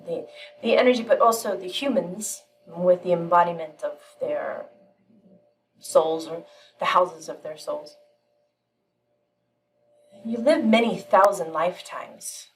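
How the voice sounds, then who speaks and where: A woman giving a channeled spiritual teaching, telling a parable in a calm, measured way with frequent pauses. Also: on the low side, far from the mic, a little hiss or hum, low-quality recording.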